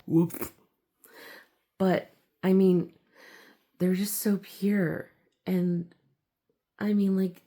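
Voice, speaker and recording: A young woman talking in a casual personal vlog, giggly and halting, full of fillers and restarts. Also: level tone, dark tone. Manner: slips into a squealing high voice when acting out her younger self. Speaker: vlogger.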